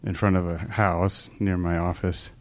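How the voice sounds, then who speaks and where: Guy with a really low voice telling a personal story at a meditation group, soft and halting, kinda emotional. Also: level tone. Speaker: group participant sharing a story.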